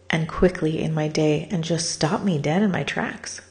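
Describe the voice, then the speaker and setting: Speaking at a moderate pace in a low, creaky voice with fairly even intonation, a middle-aged woman vlogger tells a personal story. It's a raw confession, full of candor and free swearing; exhausted from crying, she laughs through pain and at times falls to a whisper.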